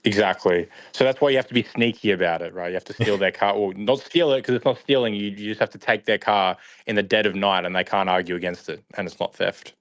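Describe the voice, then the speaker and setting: A man hosting a livestream, chatting casually and joking with quick asides. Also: fairly low pitch, fairly bright tone, no echo. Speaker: host.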